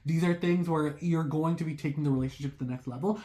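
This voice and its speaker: An excitable tarot reader talks fast to viewers in a casual reading, her mid-range voice struggling to keep up with racing thoughts. It comes out loose and rambling, full of "like" and apologetic remarks.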